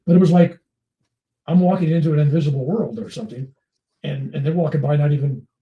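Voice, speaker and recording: A man's voice: a little high, fast, echoey room, far from the mic, phone-quality sound. An older man being interviewed, telling a personal story in casual conversation and acting out the voices in it. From United States. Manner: animated, acts out dialogue in his story. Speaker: interview guest.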